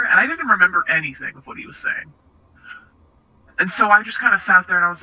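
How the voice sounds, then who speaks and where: A young woman being interviewed, recounting personal experiences in a halting, hesitant way with many restarts. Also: on the low side, bright, forceful tone, rough recording. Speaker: interview guest.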